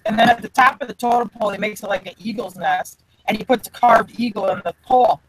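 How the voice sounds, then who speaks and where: A man guesting on a casual chat, telling lively anecdotes, acting out quotes and swearing casually. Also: high voice, fast talker, few pauses, low-quality recording. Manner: animated storyteller, acts out quotes, swears casually. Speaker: guest reseller.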